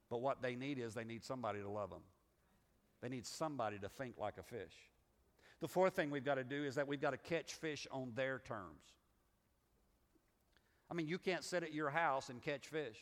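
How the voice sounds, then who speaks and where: A man's voice: mid-range voice, big-room sound. A middle-aged man with a Southern US accent preaching a sermon as pastor, in a folksy, conversational way with restarts and repeats. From Southern United States.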